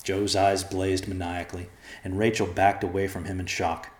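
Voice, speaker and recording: A man with a very deep voice reads a dark story in a measured, grave way. The reading rings in an echoey room. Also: flat delivery, slight background noise. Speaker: narrator. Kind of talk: dramatic audiobook narration.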